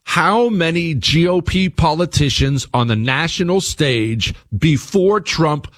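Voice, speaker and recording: A man's voice: on the high side, expressive, slow, a bit bright. A man hosting his own radio show, talking straight to listeners in an emphatic monologue that leans on repeated phrases.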